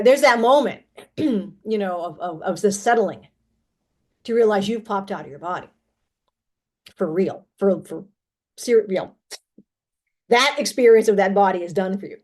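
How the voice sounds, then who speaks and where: A woman telling personal stories in a casual monologue, rambling with many restarts and often clearing her throat. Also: medium pitch, darkish tone.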